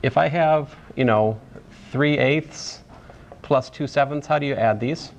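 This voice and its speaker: With a mid-range voice and a measured pace, a math instructor runs a college algebra lecture in an easygoing, rambling manner, restarting phrases and adding humorous side comments. There is slight background noise.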